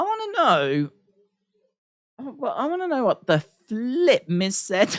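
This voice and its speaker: Male streamer, lively pitch swings, chatty live reactions, close dry sound. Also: slow, no room sound. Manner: animated, repeats lines, laughs at himself.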